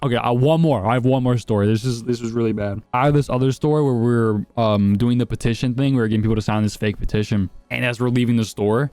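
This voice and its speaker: A man's voice: medium pitch, steady tone, quick pace, hardly any pauses, darkish tone, clear, resonant tone, dry recording. A young man casually telling crude prank stories, swearing often and laughing at his own jokes. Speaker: commentator. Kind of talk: casual storytelling.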